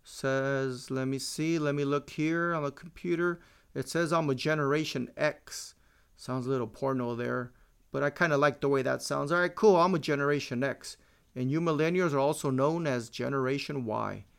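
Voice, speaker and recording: A man's voice: mid-range voice, normal speed, creaky, clean tone. Profane, joking podcast host in his forties. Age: 40s. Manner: profane, joking, drops Spanish words. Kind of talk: casual solo podcast monologue.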